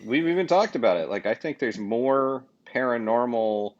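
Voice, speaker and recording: A man's voice: medium pitch, lively intonation, normal speed, lo-fi sound. A man co-hosting a podcast, chatting casually with jokes, rambling asides and a lot of self-interruptions. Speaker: podcast co-host.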